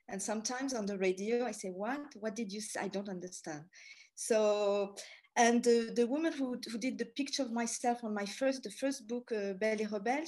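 A French-accented woman in her sixties gives a chatty talk over a video call. Her voice sits a little high, and she wanders between points and leans on fillers as she goes. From France. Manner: chatty, digressive, with hesitant fillers. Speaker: guest speaker, author and tour guide.

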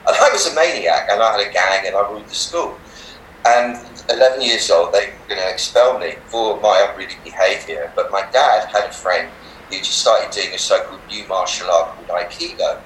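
An older man, a healer and meditation teacher, telling animated stories in an interview and laughing often. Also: sits low, fairly quick. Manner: animated anecdotes, laughs often, acts out voices in quotes. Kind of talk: storytelling in a relaxed interview. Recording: roomy, slightly distant mic with faint background noise.

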